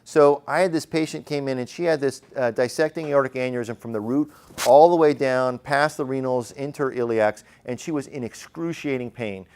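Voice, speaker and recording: Male emergency medicine teacher, smooth tone, chatty classroom lecture full of fillers. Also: medium pitch, normal speed, hardly any pauses, darkish tone. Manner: conversational, questions the class, frequent fillers.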